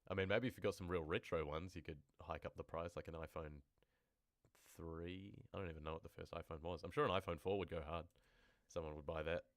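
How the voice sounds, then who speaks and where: A man's voice: sits low, steady tone, a little fast, dry recording, studio quality. A man reading true horror stories on a live stream and chatting casually with viewers between passages. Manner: casual, rambling asides to chat. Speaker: horror story narrator and streamer.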